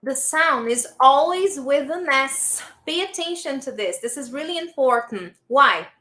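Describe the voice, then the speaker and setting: A woman from Brazil with a Brazilian Portuguese accent, teaching a live online English lesson and warmly praising her learners. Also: high-pitched, expressive, measured pace, reverberant. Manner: encouraging, praising learners often.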